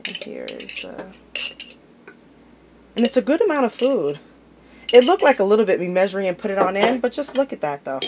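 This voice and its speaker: A home cooking host with a medium-pitched voice talks briskly and informally while handling jars and food in her kitchen, her pitch swooping wildly and broken by long pauses. Now and then dishes and cutlery clink, and a faint hiss runs underneath.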